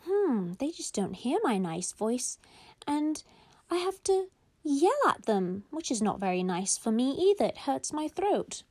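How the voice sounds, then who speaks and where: A woman's voice: high-pitched, big pitch swings, measured pace, darkish tone, pitched above the performer's own voice, heavily acted. A woman voicing a strict, tired mother of two in a children's story. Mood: weary.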